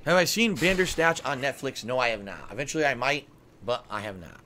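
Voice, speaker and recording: A man's voice: medium pitch, lively intonation, fairly quick, pushed and bright, a little hiss or hum. A man from Connecticut chatting on a live stream, still congested from being sick, rambling and exclaiming as he reads chat. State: congested, recovering from illness. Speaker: livestreamer.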